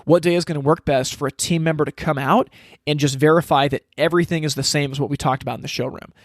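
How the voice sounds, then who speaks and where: A man teaching a step-by-step sales process in casual, energetic talk, acting out lines he would say to customers. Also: fairly high pitch, quick pace, no room sound, studio quality. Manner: energetic, acts out customer dialogue, frequent restarts. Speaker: sales trainer.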